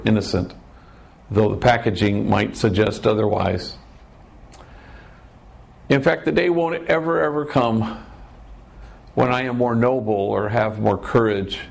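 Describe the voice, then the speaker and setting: A man's voice: medium pitch, creaky. A middle-aged man, a priest, telling a story to an audience with wry, anecdotal delivery and punchy lists. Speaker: priest and speaker. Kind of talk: storytelling talk.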